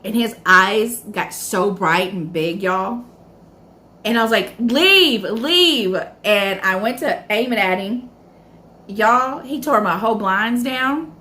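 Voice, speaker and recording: A woman's voice: mid-range voice, slow pace. Chatty woman telling a story to viewers. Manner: animated storyteller acting out her own past reactions; chatty, keeps addressing viewers as y'all. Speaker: food vlogger. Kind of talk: casual mukbang storytime.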